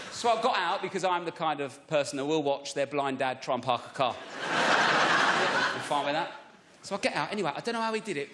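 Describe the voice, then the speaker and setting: A man's voice: on the high side, noisy background. A man doing a self-mocking stand-up routine, telling chatty stories on a large theatre stage. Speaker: stand-up comedian. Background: audience laughter.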